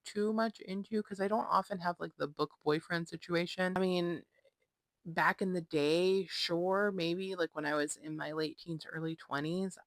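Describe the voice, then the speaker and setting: A woman's voice: on the low side, a bit bright, no echo. A woman in her twenties, a book vlogger, chatting casually and gushing, with lots of fillers. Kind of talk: casual chat.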